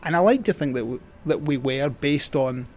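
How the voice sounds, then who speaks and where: A man's voice: mid-range voice, expressive, normal speed, a little mellow, faint music behind. A Scottish man, a cycling journalist, telling stories as a guest, rambling with many fillers and restarts. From Scotland. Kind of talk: casual storytelling.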